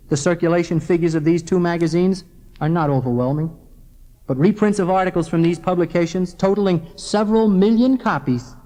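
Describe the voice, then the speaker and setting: A man's voice: a little high, warm tone. A middle-aged man giving a scripted, earnest persuasive lecture directly to the viewer as the presenter of an organization's film. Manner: earnest, measured address to the viewer. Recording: old 1970s film soundtrack with long reverb.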